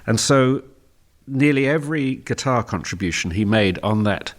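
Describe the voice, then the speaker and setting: An older man from England, a guest on a radio show, telling a relaxed story and laughing often as he goes. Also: mid-range voice, normal speed. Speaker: guest musician. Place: radio studio.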